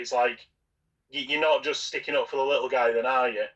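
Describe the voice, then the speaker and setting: Bright-voiced man, casual and critical. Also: mid-range voice, fairly even intonation, brisk, recorded from a distance, low-quality recording. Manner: conversational, critical, full of fillers like "like" and "you know". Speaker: podcast co-host. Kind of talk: casual chat.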